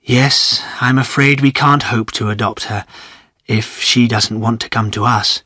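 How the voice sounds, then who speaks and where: A man voicing a gentle, kindly middle-aged lady in a storybook, speaking softly and warmly. The reading is slow and close. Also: mid-range voice, fairly even intonation, breathy edge, dry recording. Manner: gentle, kind.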